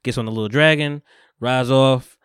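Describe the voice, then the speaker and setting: Brief: man hosting a podcast, animated storyteller, smooth clean voice, dry close sound. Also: mid-range voice, moderate pace, dry recording. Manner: animated storyteller, profane slang, acts out quotes. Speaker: podcast host. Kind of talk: casual chat, recapping a TV episode.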